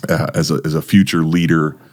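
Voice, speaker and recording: Middle-aged male host, low pitch, halting casual questions. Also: level tone, darkish tone. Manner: halting, lots of fillers. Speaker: host, interviewer. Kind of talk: casual interview.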